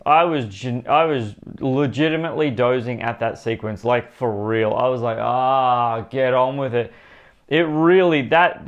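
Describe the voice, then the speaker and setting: A man giving a casual spoken movie review for his channel, rambling and emphatic, repeating himself and talking straight to his viewers. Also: mid-range voice.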